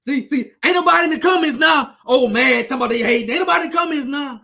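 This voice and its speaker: Speaking quickly in a very high, gravelly voice with a sharp edge, a sports commentator blasts his viewers with a profane, fiery tirade. He taunts relentlessly and says things again and again for emphasis, on a channel that is his own.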